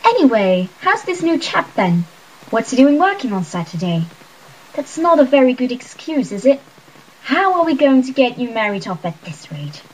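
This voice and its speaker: A woman's voice: high voice, very animated, normal speed, husky, voice pushed up, full character voice, poor audio. A woman playing a gushing, nosy middle-aged neighbor. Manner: chatty, pushy, laughing at her own jokes.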